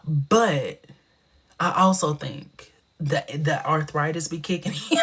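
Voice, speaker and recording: A sassy man chatting casually on a live stream, his voice swooping all over the place. He talks slowly and draws out his words, with a husky edge to the tone and a big booming laugh. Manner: sassy, chatty, drawn-out expressive delivery.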